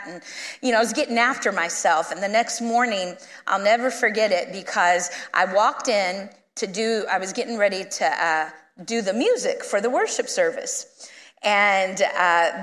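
A woman guest minister telling a story in a sermon, lively and conversational, acting out the people she quotes. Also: fairly high pitch, normal speed, big-room sound. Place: church sanctuary.

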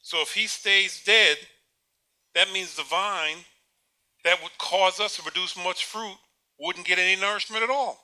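High, sharp-voiced male preacher. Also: fairly even intonation, measured pace. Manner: rhetorical questions, repeats words, chuckles at own points. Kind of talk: sermon.

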